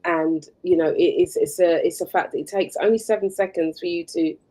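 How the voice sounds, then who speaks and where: A woman speaking as a podcast guest, answering in a measured, reflective way. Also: on the low side, steady tone, mellow, low-quality recording. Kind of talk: interview answer.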